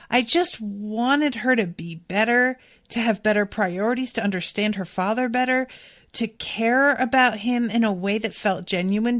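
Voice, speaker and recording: Slow-talking woman podcast host. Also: a little high. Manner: candid, swears, exasperated asides. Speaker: podcast host recapping a TV series. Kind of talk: solo episode recap.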